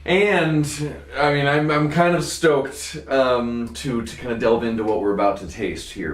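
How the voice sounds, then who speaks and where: A man's voice: medium pitch, unhurried, few pauses. A man hosts a casual wine tasting, joking and wandering through his points with lots of fillers. He sits back from the mic in a roomy, echoing space. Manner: jokey, rambling, filler-heavy. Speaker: wine show host. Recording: roomy sound from a distance.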